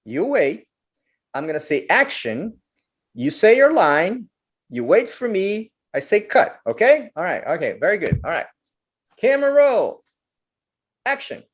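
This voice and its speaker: A man playing a bossy, hurried film director. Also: sits high, slightly rough, heavily acted. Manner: brisk, ordering, drilling a child through steps.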